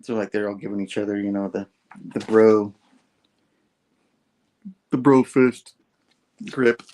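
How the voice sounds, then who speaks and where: A man's voice: lowish voice, measured pace. A man hosting a casual comic book review, retelling the story with lots of fillers and putting on voices for the characters. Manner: animated retelling, acting out dialogue, many fillers. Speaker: host.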